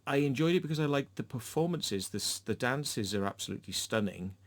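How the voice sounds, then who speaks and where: A man's voice: medium pitch, expressive, brisk. Man, midrange voice, casual profane rant, rambling with fillers. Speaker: film reviewer.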